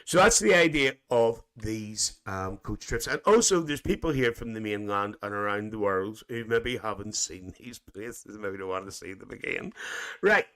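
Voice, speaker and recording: A man's voice: medium pitch, unhurried, fairly bright tone. A Northern Irish man hosts a casual live stream, reading out viewers' comments and spinning a loose, joking story for them. He talks in a chatty, teasing way and slips a chuckle in every few lines. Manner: chuckles often between lines. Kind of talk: casual live chat, imagined coach trip.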